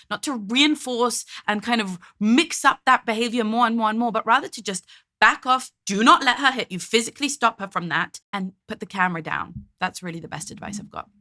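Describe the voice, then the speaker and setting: Bright, high-voiced woman commentator. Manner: frank, talkative, mimics parents in quotes. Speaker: parenting commentator and host. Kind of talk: casual commentary reacting to video clips.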